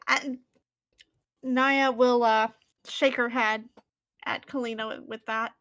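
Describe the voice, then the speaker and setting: A woman's voice: fairly high pitch, steady tone, takes it slowly, a bit bright. A woman playing in a tabletop game who describes her character's actions with hesitant fillers. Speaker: player. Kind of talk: tabletop game play, casual.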